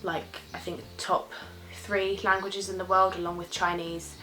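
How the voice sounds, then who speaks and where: Young woman, British accent, casual vlog Q&A, rambling chatter, slightly low voice, faint music behind. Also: level tone, measured pace, pushed and bright, poor audio. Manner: chatty and rambling, loses her train of thought. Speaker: YouTuber answering viewer questions. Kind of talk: casual question-and-answer vlog.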